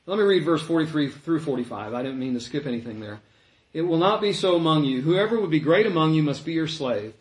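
Animated preacher, man, slightly high voice, roomy echo. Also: fast. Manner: animated, acts out quoted voices. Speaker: pastor. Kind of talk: sermon. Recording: echoey room.

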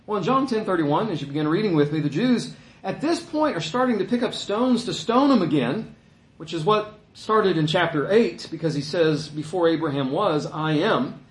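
A man teaching a Bible passage in a relaxed, conversational way, growing animated when he acts out quotes. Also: high-pitched, normal speed, echoey room. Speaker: pastor.

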